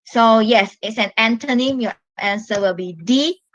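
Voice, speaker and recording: A woman from Malaysia giving an online English lesson, explaining step by step in a slow, patient way and stressing the key words. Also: on the high side, highs cut off, background noise. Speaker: English teacher.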